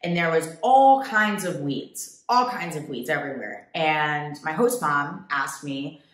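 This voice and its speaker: A woman from the United States, a travel vlogger, telling a story to camera in a chatty, animated way. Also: low-pitched, measured pace, echoey room. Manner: chatty, animated, quotes people in put-on voices.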